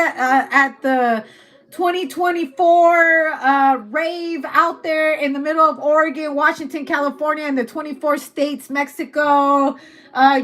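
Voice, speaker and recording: A woman with a high, bright voice chats through a tarot reading in a loose, profane way, laughing often. Her delivery is casual and unscripted. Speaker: tarot reader.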